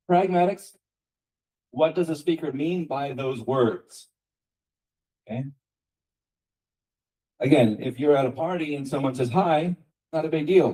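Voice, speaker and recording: American man giving a relaxed lecture. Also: medium pitch, poor audio. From United States. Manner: conversational teaching, rhetorical questions, frequent "okay" and "right". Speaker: guest lecturer. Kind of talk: university lecture. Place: lecture room.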